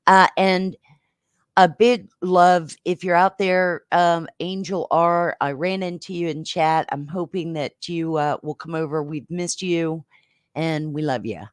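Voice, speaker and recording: A woman hosting a livestream game show, chatting casually with viewers and giving rambling, affectionate shout-outs with lots of fillers. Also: sits low, steady tone, a little slow, no room sound, clean studio sound.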